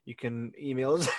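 A man's voice: mid-range voice, darkish tone, husky, dry recording. A man with a Scottish accent co-hosting a podcast, chatting casually, laughing often and swearing freely. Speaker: podcast co-host. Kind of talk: casual chat.

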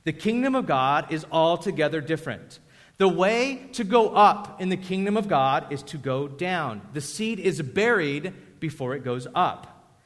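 A young man preaching a sermon as pastor, telling stories and acting out dialogue in an animated way. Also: fairly high pitch, a little slow. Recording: long hall reverb.

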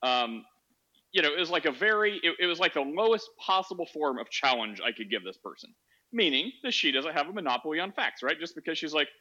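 A man's voice: fairly high pitch, pushed and bright, muffled recording. A man hosting a podcast, telling a story in a sarcastic, laughing, casual way on a social audio app. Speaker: podcast host.

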